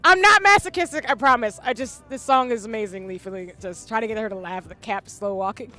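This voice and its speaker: A woman's voice: fairly high pitch, a little fast, pushed and bright, faint music behind. A woman streaming a game and chatting casually, emotional and gushing, breaking into tears. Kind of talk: casual live-stream commentary.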